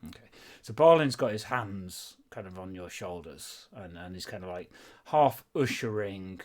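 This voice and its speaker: A man's voice: low-pitched, lively intonation, measured pace, darkish tone. A man narrating as game master of a tabletop game in a loose, rambling, chatty way.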